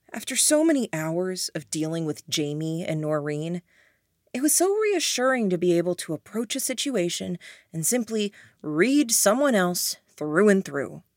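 Audiobook narrator: woman, lowish voice, measured first-person read, dry close sound. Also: very animated, a little mellow, dry recording.

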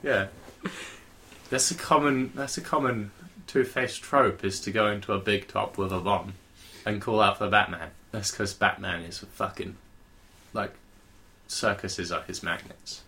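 A man's voice: on the low side, unhurried, sharp tone. A man chatting casually as a podcast co-host, dry and sardonic. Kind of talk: casual chat.

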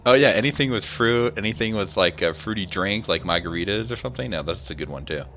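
A man's voice: on the low side, expressive, fast, fairly bright tone, slight background noise. A man co-hosting a casual gaming podcast, easygoing and explaining game details at length. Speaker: podcast co-host.

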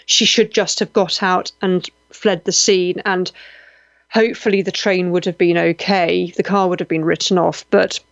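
A woman's voice: lowish voice, moderate pace, gravelly, no room sound, highs cut off. A woman hosting a live radio show, chatting animatedly with listeners' comments and joking through anecdotes. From Malta. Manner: animated, gushing with exclamations, self-deprecating humor.

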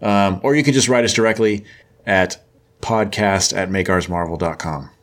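A man with a fairly low voice co-hosting a podcast. He sounds laid-back and a bit wry, with dry throwaway asides. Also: moderate pace, fairly bright tone. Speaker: podcast co-host. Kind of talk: casual chat.

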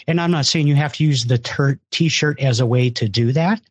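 A man's voice: mid-range voice, moderate pace, hardly any pauses, dry recording. A man hosting a live podcast event, talking emphatically and repeating words as he urges listeners. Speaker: event organizer and host. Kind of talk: enthusiastic live show talk.

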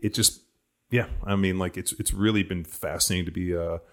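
A man's voice: low voice, fairly even intonation, a little fast, a bit bright. A man in his forties hosting a podcast, telling rambling stories in casual chat, full of "like" and casual swearing. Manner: rambling storyteller, heavy use of "like", swears casually. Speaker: podcast host.

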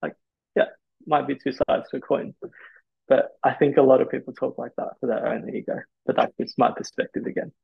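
A man's voice: mid-range voice, fairly even intonation, a little fast, creaky, slightly rough, no echo. A man in his twenties, a physiotherapist guest on a podcast, answering thoughtfully with hesitant restarts. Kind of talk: candid podcast interview answers. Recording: dull lo-fi podcast audio.

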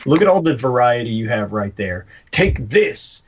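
A man's voice: medium pitch, sing-song, unhurried, few pauses, dull audio. A man co-hosting a podcast, talking animatedly and emphatically, swearing freely. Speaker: podcast co-host. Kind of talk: casual chat.

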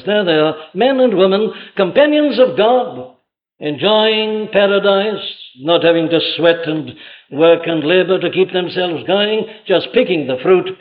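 Preacher man, fairly high voice, punchy rhetorical questions, dull muffled old tape. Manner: emphatic, rhetorical questions, vivid retelling. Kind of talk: sermon.

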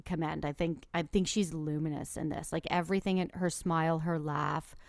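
A woman's voice: low voice, fairly even intonation, moderate pace, creaky, no room sound, clean studio sound. A woman co-hosting a podcast, earnestly gushing praise in casual film review chat, with filler words. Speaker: podcast co-host.

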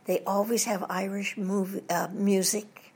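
A woman's voice: mid-range voice, little pitch movement, a little slow, darkish tone, breathy edge. An older woman, a voice actress, telling anecdotes in an interview and putting on British voices for jokes. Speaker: voice actress guest. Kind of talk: storytelling interview.

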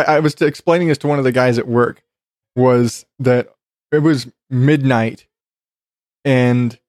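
A man's voice: mid-range voice, a little mellow, dry recording, clean studio sound. A man hosting a podcast from his bedroom, chatting casually, laughing often and swearing freely with lots of restarts. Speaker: podcast host. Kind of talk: casual chat. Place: home bedroom.

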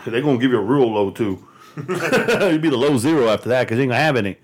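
A man telling a rambling, profane story in a casual chat, laughing often and getting animated. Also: medium pitch, quick pace.

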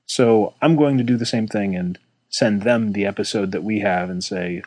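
A man's voice: on the low side, normal speed, darkish tone, no echo, rough recording. A man co-hosting a casual podcast chat, easygoing and teasing, often restarting his sentences, on a close mic. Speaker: podcast co-host.

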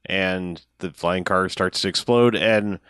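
A man co-hosting a podcast, casually retelling a movie plot with lots of fillers and quick voiced quotes. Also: low-pitched, fairly bright tone, clear, resonant tone, no room sound, clean studio sound. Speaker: podcast co-host. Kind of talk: casual chat recapping a movie.

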